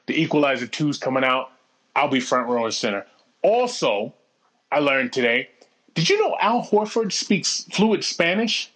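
A man chatting casually on a podcast, animated and profane, with lots of tangents. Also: medium pitch, normal speed, slightly rough. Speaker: podcast co-host.

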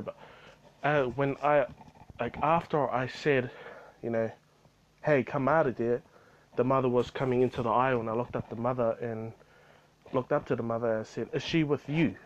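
A man's voice: mid-range voice, steady tone, fairly quick, muffled recording. A man telling a rambling story about his retail job in a casual vlog, full of fillers and swearing.

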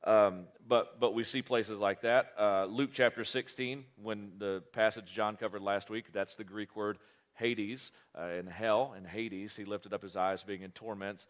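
A man's voice: fairly low pitch, fairly even intonation, unhurried. A man co-hosting a Bible study talk, explaining word meanings in a rambling way with many fillers and blunt asides. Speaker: co-host of a Bible study podcast. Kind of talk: casual Bible teaching talk.

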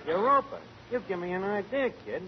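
An actor playing a brash, fast-talking tavern manager in a 1940s radio comedy, mangling his grammar. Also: high-pitched, big pitch swings. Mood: wisecracking. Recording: hissy lo-fi old radio broadcast.

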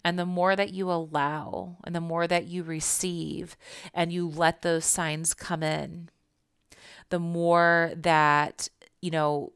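A woman's voice: low-pitched, a bit bright, smooth, dry recording, studio quality. A young woman telling a personal story and teaching about spiritual signs in an earnest, reassuring, conversational way.

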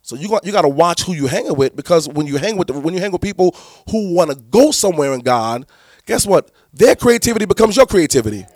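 A man's voice: a little high, expressive, quick pace, a little mellow, dry recording, clean studio sound. A man, a pastor, teaching church leaders in a preaching style, emphatic and repetitive with many restarts.

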